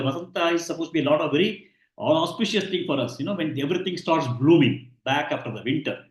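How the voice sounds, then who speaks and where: Man, scripture teacher; slightly high voice, patient and halting delivery, roomy echo. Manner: patient, repeats himself, frequent "uh" pauses. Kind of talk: explanatory lecture.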